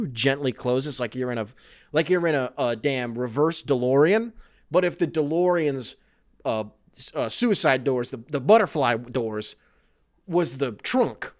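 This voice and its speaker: Animated, profane male podcast host. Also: medium pitch. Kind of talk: casual comedic monologue.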